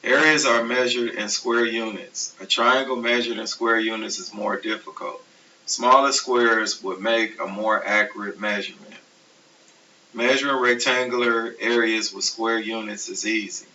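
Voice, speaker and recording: A man teaching a recorded math lecture, explaining steps slowly and methodically. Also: fairly low pitch. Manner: steady, methodical explaining, self-correcting. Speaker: math instructor. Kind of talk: recorded lecture over slides. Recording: distant, dull, hissy classroom recording.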